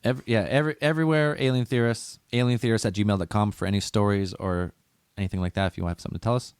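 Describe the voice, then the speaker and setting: A man with a low voice rambles through conspiracy-podcast chat, peppering it with "like" and casual swearing. The sound is dry and close, with no room around him. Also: steady tone, racing, clean tone, no room sound. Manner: rambling, swears freely, many restarts with "like". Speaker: podcast co-host.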